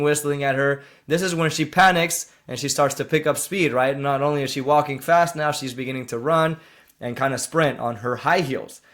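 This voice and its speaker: A man's voice: medium pitch, a bit bright. Rambling man recapping a film. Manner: rambling, full of fillers and restarts, indignant asides. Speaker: reaction video host. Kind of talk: casual commentary recapping a film.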